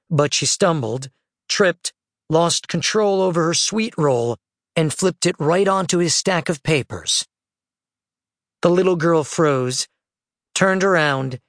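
A man reads an audiobook in a steady, measured storytelling voice, pitched slightly high for a man. He is recorded close on a studio microphone, and the sound is dry with no room echo. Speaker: audiobook narrator. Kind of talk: scripted narration.

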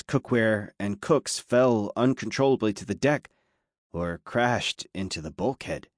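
A man reading a story aloud as an audiobook narrator, steady and measured. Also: on the low side, dry recording, studio quality. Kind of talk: scripted narration.

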